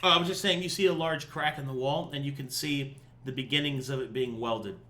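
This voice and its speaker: A man's voice: medium pitch, fairly even intonation, brisk, sharp tone. A man narrating a tabletop game as game master, explaining scenes and guiding players.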